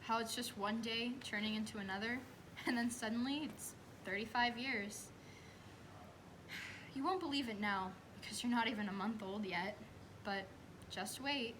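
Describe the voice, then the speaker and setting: A woman's voice: a little high, normal speed, noisy background, lightly acted. A young woman acting a stage monologue as an anxious new mother, telling it expressively and slipping into whispers. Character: anxious new mother recalling giving birth. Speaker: student actress. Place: school theater stage.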